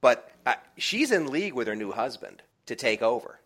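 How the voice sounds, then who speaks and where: Male podcast co-host, lively swinging pitch, bright tone, casual chat. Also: normal speed.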